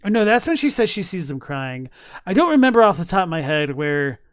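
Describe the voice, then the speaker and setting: A man's voice: sits high, sing-song, fairly quick, clear, resonant tone, no room sound, clean studio sound. A man casually chatting on a live stream, thinking aloud with many fillers and restarts while reading chat messages. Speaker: streamer reacting to game lore.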